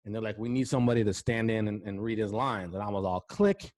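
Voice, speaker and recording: A male talk show host telling lively anecdotes in casual interview chat, often checking in with "right?". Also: fairly low pitch, fast.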